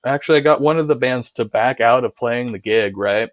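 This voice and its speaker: A man's voice: medium pitch, brisk, no room sound, muffled recording. Rambling man streaming casual commentary. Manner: rambling and conversational, tags lines with "right?", swears, laughs. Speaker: streamer and channel host. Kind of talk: casual live-stream commentary, reading chat.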